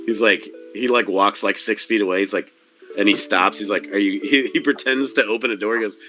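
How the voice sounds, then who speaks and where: A man narrating a tabletop game as game master in a loose, rambling way, switching quickly between characters' lines. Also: lowish voice, fairly even intonation, bright, forceful tone, soft background music.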